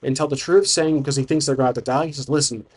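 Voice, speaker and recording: A man's voice: a little high, fairly even intonation, rapid-fire, darkish tone. A man narrating his solo tabletop game, thinking aloud with frequent restarts. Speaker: solo game master and player.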